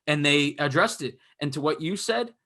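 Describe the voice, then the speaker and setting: A young man with a bright, forward voice talks hockey with a friend on a podcast. His thoughts wander and restart, padded with "um" and "like", in easy, casual chat. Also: a little high, expressive, normal speed. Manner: rambling, filler-heavy analysis. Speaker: podcast co-host.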